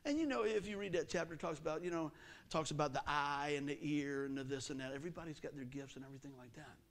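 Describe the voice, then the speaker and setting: Middle-aged pastor, high and gravelly, animated storytelling sermon, does the sound effects himself. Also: male voice, quick pace. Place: church sanctuary.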